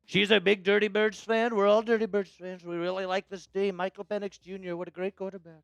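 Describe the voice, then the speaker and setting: A man's voice: sits high, steady tone, a little fast, creaky, clear, resonant tone, no room sound, soft background music. Male stream host, upbeat and chatty, thanking donors; dry close sound. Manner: hyped, shouting out chat donors. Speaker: livestream host. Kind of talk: live sports play-by-play stream.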